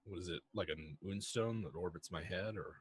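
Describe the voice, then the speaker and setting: Deep husky man at a tabletop game. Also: normal speed. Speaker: player. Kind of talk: casual play chat.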